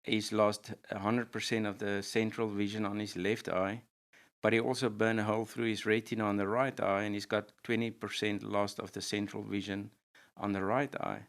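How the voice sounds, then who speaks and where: A middle-aged man recounting a family testimony in a church interview, in a steady, matter-of-fact way. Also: lowish voice, moderate pace. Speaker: guest sharing a testimony. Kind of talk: storytelling testimony.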